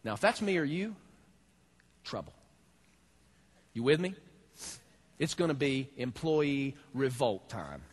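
Animated, husky-voiced pastor preaching. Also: male voice, mid-range voice, slow pace, long pauses. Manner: animated, talks straight to the congregation. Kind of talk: sermon.

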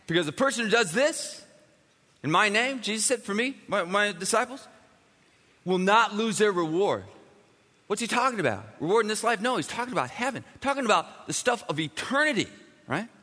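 A man preaching a sermon as a pastor, emphatic and animated, swinging from loud bursts to quiet, intimate lines. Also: high voice, a little fast. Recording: long reverb of a large hall.

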